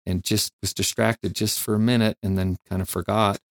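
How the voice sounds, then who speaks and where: A man, a firefighter and flight nurse, telling candid stories in an interview, reflective and halting with many fillers. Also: fairly low pitch, little pitch movement, no room sound, studio quality.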